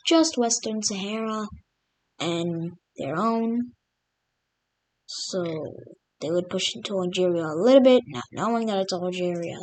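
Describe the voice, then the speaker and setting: Slow, rambling woman narrating a map. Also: medium pitch. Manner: rambling, full of fillers like "literally" and "like". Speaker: map video creator. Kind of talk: casual narration over a map.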